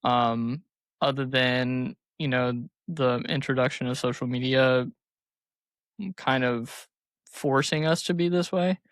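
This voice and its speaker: A man's voice: mid-range voice, steady tone, slow pace, fairly bright tone, no echo. A young adult man, a guest on a podcast, talking frankly and casually, with loose swearing. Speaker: guest co-host.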